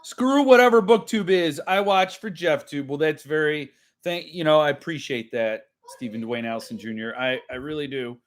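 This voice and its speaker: A man's voice: a little high, normal speed, hardly any pauses. A man hosting a casual live-stream chat with viewers, rambling and self-mocking, laughing often. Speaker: host.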